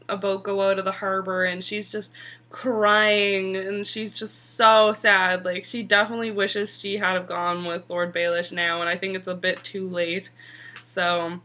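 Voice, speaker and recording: A woman's voice: medium pitch, fairly even intonation, normal speed, sharp tone. A young woman casually recapping a TV episode, chatty and full of "like" fillers, sometimes swearing. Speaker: TV episode reviewer.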